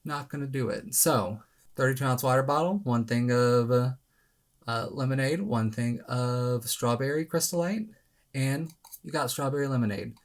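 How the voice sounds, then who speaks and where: Guy vlogging his weight loss tips, chatty and dramatic, pitch jumps way up when he's hyping stuff. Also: moderate pace. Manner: animated and self-mocking, dramatic pitch jumps. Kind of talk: casual talking-to-camera advice.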